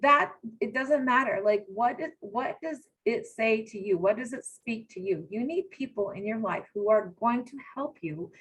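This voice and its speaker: A woman's voice: a little high, animated, normal speed, few pauses, breathy edge, poor audio. A woman giving a motivational talk, coaching her audience directly with energy. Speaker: co-host presenter.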